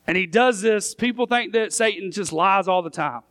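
A man's voice: high-pitched, normal speed, fairly bright tone, no room sound. A man preaching a sermon as pastor, reading scripture aloud and making his points with emphasis. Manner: emphatic preaching, reads scripture aloud, voices the questioning crowd.

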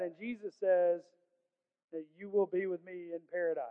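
A man's voice: high-pitched, fairly even intonation, moderate pace, clear, resonant tone. A male pastor preaching a sermon in an earnest, conversational way with casual slang, recorded in a large church sanctuary. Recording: tinny phone-like sound with long hall reverb.

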